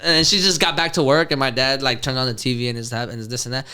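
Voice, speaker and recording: Man, 30s, podcast host, casual swearing storyteller, bright, smooth. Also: medium pitch, fairly even intonation, quick pace, hardly any pauses. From Houston, Texas. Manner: profane, laughing, loose storyteller.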